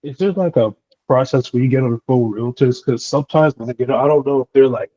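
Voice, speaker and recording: A man asking questions hesitantly on a call, leaning on "like" a lot. His voice is mellow and dark, and the line sounds dull and lo-fi. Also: medium pitch, quick pace, no echo. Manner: hesitant, fills with "like". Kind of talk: casual Q&A question.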